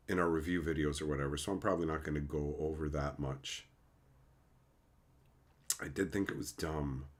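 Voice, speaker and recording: A man streaming casually, reading chat and ranting, with frequent swearing and voiced impressions. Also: very deep voice. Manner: animated, swearing, mimics others.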